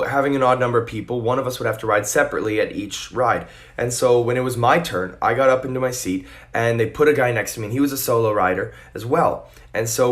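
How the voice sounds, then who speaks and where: A young man telling crude jokes and short stories to the camera, deadpan and quick to the punchline. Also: medium pitch. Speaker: comedy creator.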